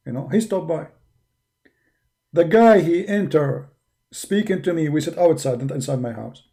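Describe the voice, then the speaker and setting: A man from the Arab world with an Arabic accent, speaking English as a second language with broken grammar, arguing forcefully in a preaching monologue. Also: a little high, expressive, moderate pace, vocal fry, pauses often. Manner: forceful, argumentative, with non-native grammar. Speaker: religious debater.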